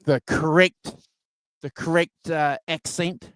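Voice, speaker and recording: A man's voice: a little high, steady tone, slow pace, a bit bright, clean tone, no room sound. Guy on a music podcast call, rambling, lots of ums, dry close sound. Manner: rambling, filler-heavy, enthusiastic. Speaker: podcast co-host. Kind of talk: casual music review chat. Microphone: video call.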